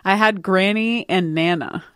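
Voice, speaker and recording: A woman in a casual chat among friends, playful and quick, tossing in casual swear words. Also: mid-range voice, a bit bright, clean tone, no echo, clean studio sound.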